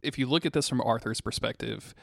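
Laid back podcast guy, gravelly voice, dry close sound. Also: mid-range voice, fairly quick, a bit bright, no echo. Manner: laid-back, swears casually. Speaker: podcast co-host. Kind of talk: casual recap chat.

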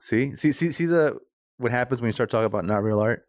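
A man's voice: mid-range voice, fast talker, dry recording. A man from Los Angeles, an artist co-hosting a podcast, talking in a laid-back, self-mocking way and laughing easily. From Los Angeles, USA. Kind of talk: casual podcast chat.

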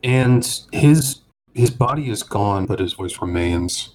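A man narrating a tabletop role-playing game as game master, describing scenes in an unhurried way with small pauses. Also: on the low side, expressive, a little hiss or hum.

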